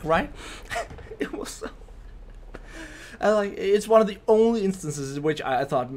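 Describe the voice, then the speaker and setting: A young man recounts a story for his vlog in a lively voice that swings high and low. His delivery is animated and full of swearing, and he keeps tacking on "right?". There is a faint hiss of noise behind him. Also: moderate pace. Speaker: vlogger.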